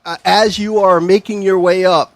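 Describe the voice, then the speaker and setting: A man running a tabletop game for friends around a table, relaxed and laughing, with many fillers. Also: sits high, normal speed, no echo. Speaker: game master. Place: shed with a group at a table.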